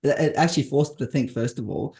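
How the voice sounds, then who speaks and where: An Australian man hosts a podcast, chatting casually with a guest in an interview and laughing easily. His voice is medium-pitched and a little mellow, and he talks fast.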